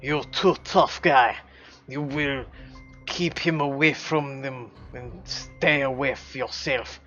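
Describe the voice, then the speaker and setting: A man voicing a big, grave man with a put-on Russian accent who speaks slowly and heavily, over a slightly dull recording with faint game music. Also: medium pitch, steady tone, pushed and bright.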